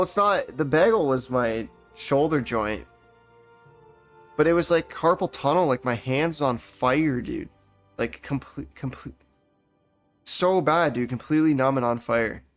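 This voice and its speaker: A young man from Canada rambling through a profane, heated story while gaming, often restarting his sentences. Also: mid-range voice. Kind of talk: casual rant while gaming.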